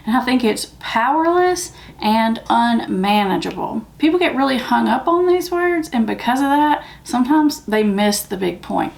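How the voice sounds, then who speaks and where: A woman's voice: a little high, vocal fry. A woman with a Southern US accent, hosting a recovery channel and talking candidly and emphatically to the camera. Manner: candid, plain-spoken, emphatic. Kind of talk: casual talk to camera.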